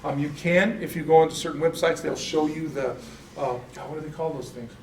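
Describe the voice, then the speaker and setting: A man's voice: fairly high pitch, steady tone, fairly quick. Rambling male teacher in an echoey room. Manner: rambling, repeats words, frequent "okay?" checks. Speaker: church Bible class teacher. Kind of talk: casual classroom lecture. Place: church classroom. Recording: echoey room, mic far off, faint room noise.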